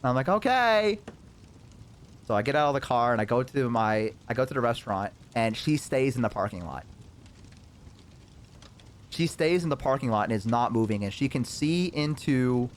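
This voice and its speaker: A man's voice: medium pitch, moderate pace, pauses often, a little hiss or hum. A man streamer telling a story in a casual way, rambling with lots of fillers and some swearing.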